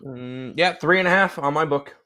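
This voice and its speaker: A man's voice: a little high, moderate pace, sharp tone. A man co-hosting a sports betting chat, playfully teasing bettors about moving lines.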